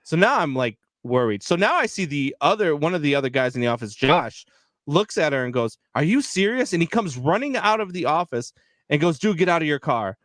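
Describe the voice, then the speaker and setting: A man's voice: fairly high pitch, brisk, no echo. Co-host, male, chatty storyteller, dry close sound. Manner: animated storyteller, many fillers. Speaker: podcast co-host. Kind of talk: casual live sports chat.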